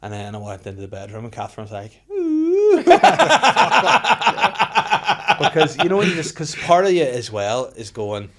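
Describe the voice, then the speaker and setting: With a creaky, fairly bright mid-range voice that swings hugely in pitch, this man in his thirties hosts a laid-back podcast conversation at an ordinary pace. Profanity comes freely, and he gives voices to the people he quotes.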